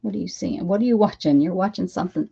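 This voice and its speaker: A woman's voice: lowish voice, quick pace, vocal fry, warm tone, breathy edge, highs cut off. A woman hosting a casual crafting livestream, chatting and talking baby-talk to her cat as she works. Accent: American. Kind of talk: casual chat while crafting.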